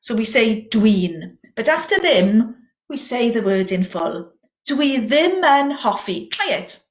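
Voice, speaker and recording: A woman teaching a beginner language lesson, slow and clear with lively encouragement. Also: on the high side. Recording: echoey room.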